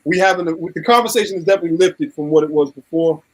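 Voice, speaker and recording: A man's voice: on the high side, quick pace, rough recording. A man hosting a casual live talk show, teasing and playful as he wraps things up. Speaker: host.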